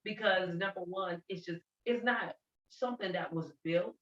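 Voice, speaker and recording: A woman hosting a casual talk show, lively and hyping up her guest. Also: lowish voice, moderate pace. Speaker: host. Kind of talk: casual chat. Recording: echoey room, far from the mic, dull sound.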